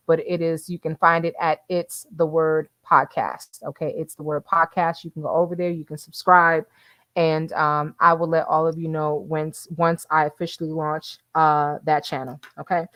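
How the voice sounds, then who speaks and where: A woman's voice: sits low, a bit bright, dry recording. A woman hosting a casual livestream who chats with her viewers, calls them y'all and laughs often. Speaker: livestream host reading the chat.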